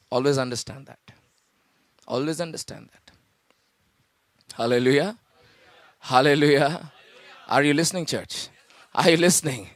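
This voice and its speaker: A man's voice: fairly high pitch, a bit bright, no echo. A man with an Indian accent preaching a sermon as pastor, emphatic and full of rhetorical questions to the congregation, calling out hallelujah again and again. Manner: repeats hallelujah and calls out to the church.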